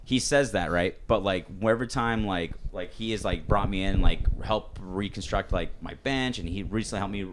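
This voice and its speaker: A man's voice: deep voice, moderate pace, hardly any pauses, noisy background. Rambling man telling gym stories. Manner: rambling, animated storytelling with many fillers. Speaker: podcast co-host. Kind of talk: casual chat.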